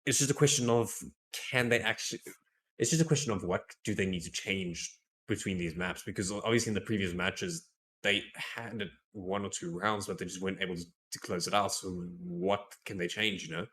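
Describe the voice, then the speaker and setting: A man's voice: low voice, fairly quick, a bit bright. A man casting a live esports match, chatty and playful, restarting his phrases, tired after a long day. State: tired, yawning. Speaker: esports caster.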